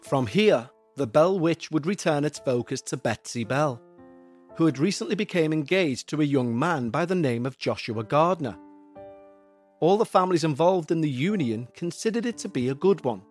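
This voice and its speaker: A man tells a ghost story in a slightly high voice, with measured, suspenseful pacing. Quiet music plays softly beneath his narration. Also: animated. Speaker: podcast narrator. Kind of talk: scripted horror storytelling.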